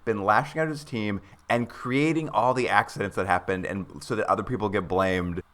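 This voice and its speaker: Bright-voiced man recapping a show. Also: fairly low pitch, brisk. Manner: animated storyteller, acts out characters' lines. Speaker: podcast co-host. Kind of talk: casual chat recapping a TV show.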